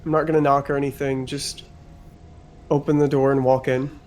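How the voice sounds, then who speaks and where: A man's voice: medium pitch, little pitch movement, moderate pace, a little mellow. A man playing a tabletop game, talking bluntly and arguing in character. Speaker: player. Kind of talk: casual tabletop game play.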